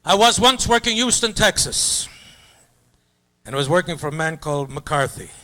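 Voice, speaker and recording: In a high school auditorium, an older comedian spins loose, rambling stand-up tales, breaking into mock-opera singing and silly voices. His voice sits a little high and sounds bright and forceful, expressive at a normal speed.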